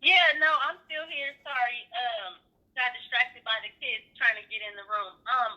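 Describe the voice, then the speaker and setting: A woman from Spokane with a high, girlish voice, giggly and eager while being coached. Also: normal speed, sharp tone, lo-fi sound. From Spokane, USA. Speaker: team member being coached.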